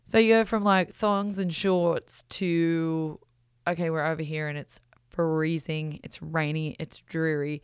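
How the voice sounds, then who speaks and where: Australian woman, casual storytelling, lowish voice, smooth and clear, dry close sound, lots of "like". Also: measured pace, no room sound. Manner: chatty, animated, full of "like" and "you know".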